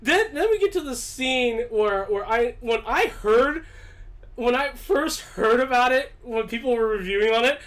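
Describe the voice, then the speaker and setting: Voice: medium pitch, expressive, a little slow, fairly bright tone. A reviewer giving a casual spoken film review in a rambling, offhand way, with many restarts and repeated words. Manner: candid, offhand and chatty. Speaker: movie reviewer.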